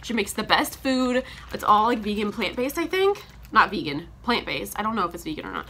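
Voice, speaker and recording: Cooking breakfast in her home kitchen, a young woman vlogger talks fast in an expressive, mid-range voice that sounds pushed and bright, with a little hiss or hum in the audio. She's chatty and rambling, leaning heavily on "like" and laughing frequently, while congested from a sinus infection and slightly out of breath.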